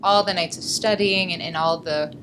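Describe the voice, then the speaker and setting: A woman's voice: lowish voice, steady tone, moderate pace, background noise. A woman in her twenties, a guest musician, chatting casually and thoughtfully in an interview, often saying "like" and "whatnot.". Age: 20s. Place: Los Angeles.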